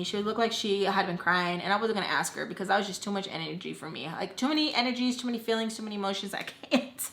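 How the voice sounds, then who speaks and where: A young woman spins a long story in a bright, forward voice. She talks casually and quickly switches into playful voices whenever she quotes someone. The mood stays loose and chatty. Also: medium pitch. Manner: animated, slips into voices for the people she quotes. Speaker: storytime vlogger.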